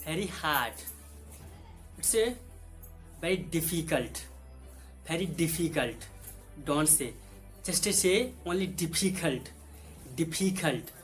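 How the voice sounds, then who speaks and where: Slow guy teaching english words, says everything twice, soft music under him. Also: on the high side, lively intonation. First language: Hindi. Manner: slow, says each word twice, simple broken English. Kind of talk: vocabulary lesson with repeated words.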